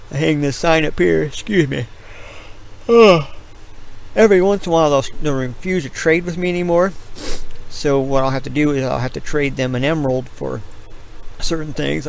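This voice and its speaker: A tired middle-aged American man with a gravelly voice, yawning as he rambles through casual commentary on his gameplay stream. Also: mid-range voice, slight background noise, low-quality recording.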